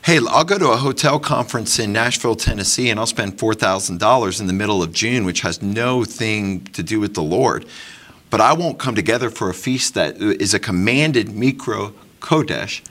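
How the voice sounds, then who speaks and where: A man with a low voice leads a congregation discussion in a sermon style. He builds from measured talk into emphatic, pressing exhortation. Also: expressive. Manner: emphatic, rising to forceful exhortation. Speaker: congregation teacher.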